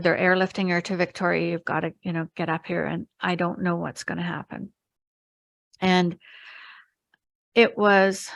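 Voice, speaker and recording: A middle-aged woman, a spiritual healer, telling a personal story in an interview, earnest and halting, with many restarts and quoted thoughts. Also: on the low side, gravelly, a bit bright, no echo. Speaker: interview guest, spiritual healer and retreat leader.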